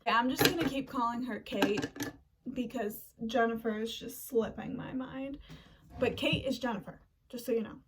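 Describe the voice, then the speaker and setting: A young woman casually recapping a movie, chatty and animated, with lots of fillers. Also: a little high, recorded from a distance, rough recording. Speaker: movie reviewer.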